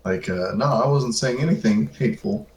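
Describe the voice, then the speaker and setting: A man playing in a tabletop game, excitable and swearing freely. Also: medium pitch, moderate pace. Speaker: player. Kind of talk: casual game chat. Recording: roomy mic with faint noise and keyboard typing.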